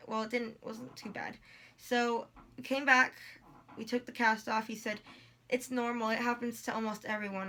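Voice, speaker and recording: Chatty young woman with a bright voice. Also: on the high side. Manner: rambling, lots of likes and ums, quotes people in dialogue. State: in pain while talking. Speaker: vlogger. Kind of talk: casual personal storytelling.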